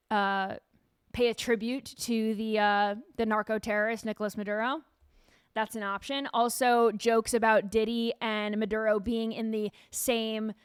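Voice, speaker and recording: Sarcastic woman host with a smooth voice. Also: a little high, no room sound, clean studio sound. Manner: animated, sarcastic, fires off rhetorical questions. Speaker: show host. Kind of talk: casual news commentary.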